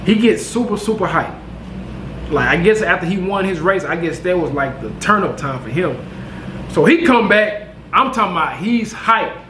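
A man telling a story to camera in a casual, slangy, animated way, repeating himself. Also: high-pitched, normal speed, echoey room, background noise. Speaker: vlogger. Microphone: camera mic.

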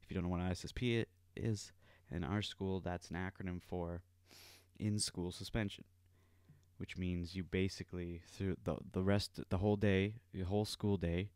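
A man's voice: deep voice, steady tone, normal speed, darkish tone, clear, resonant tone, dry recording. A young man hosting a podcast, telling a rambling story in casual talk and swearing freely. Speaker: podcast host.

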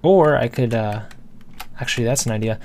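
A man talks through his game while he plays, rambling casually and thinking aloud with plenty of fillers. His voice has a gravelly, creaky edge, and there is a faint clatter of typing in the background. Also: medium pitch, moderate pace, a little mellow, slight background noise. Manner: casual, self-talking while building. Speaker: gameplay host. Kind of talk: let's play commentary.

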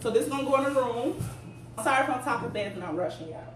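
A woman's voice: on the high side, animated, quick pace. A woman, chatting casually to viewers as she shows off home decor finds, recorded at home. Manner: chatty, addresses viewers as y'all. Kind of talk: casual haul vlog. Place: home, indoors. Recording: echoey room, mic at a distance, noisy.

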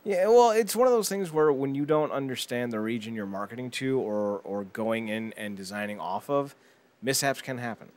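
A man's voice: medium pitch, moderate pace, darkish tone. A man co-hosting a casual gaming podcast, rambling with restarts and breaking into profane comic rants. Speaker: podcast co-host.

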